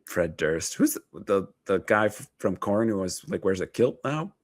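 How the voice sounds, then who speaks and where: A man in his thirties talks loosely to camera, restarting sentences and dropping dry, wry asides. His voice sits on the low side. The sound is close and dry, with no room around it. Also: very animated, moderate pace, dry recording. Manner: conversational, frequent fillers and restarts, wry asides. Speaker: therapist and video host. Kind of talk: casual talking-head commentary.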